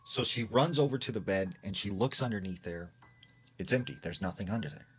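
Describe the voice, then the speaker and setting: Male storyteller, lowish voice, relaxed storytime delivery, faint music bed. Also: moderate pace. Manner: conversational, heavy use of "like", acts out quoted lines. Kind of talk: casual storytime narration.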